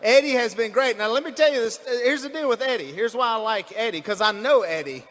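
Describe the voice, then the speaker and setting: A North Louisiana man with a Southern accent gives a folksy, rambling speech to a rally crowd in a large indoor venue. His very high, slightly bright voice is animated and a little fast, full of fillers and restarts, with the sound of a large hall.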